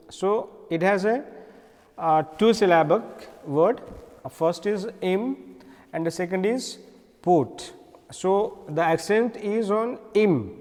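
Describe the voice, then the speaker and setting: A man with an Indian accent gives a classroom lecture in a fairly high voice. He explains patiently, repeating key words and pausing often with fillers. His voice carries a long reverb. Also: a little mellow. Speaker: English teacher.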